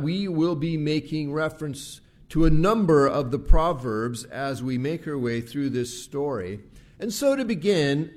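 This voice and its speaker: A male pastor preaching a live Sunday sermon, measured and slowing to stress key words. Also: fairly high pitch. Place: church service recorded live.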